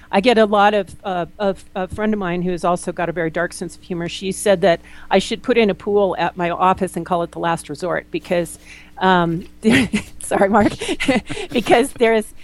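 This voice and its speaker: A woman naturopath being interviewed, talking bluntly and telling lively stories, often acting out what people said. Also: mid-range voice, rough recording. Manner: blunt, animated storyteller, quotes people in lively voices. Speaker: naturopath guest. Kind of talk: candid interview conversation.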